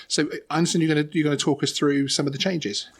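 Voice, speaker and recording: A man's voice: on the high side, steady tone, quick pace. A man hosting an interview, enthusiastic and full of restarts as he asks a developer about an app. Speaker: channel host interviewing a developer. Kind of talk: casual interview.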